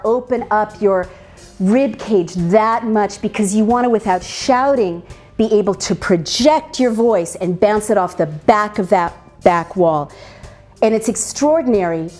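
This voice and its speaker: A woman coaches an audience on public speaking in a mellow, warm voice. She talks emphatically and acts out the vocal habits she describes. Faint music sits behind her. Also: mid-range voice. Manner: emphatic, demonstrates vocal habits by imitating them. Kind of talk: instructional talk to an audience.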